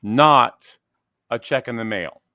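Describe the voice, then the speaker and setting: A man with a low, smooth, resonant voice reads old dictionary entries aloud. He halts and stumbles over the harder words, and the sound is close and dry. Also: steady tone, a bit bright, no room sound, dull audio. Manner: hesitant, halting reading. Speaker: co-host.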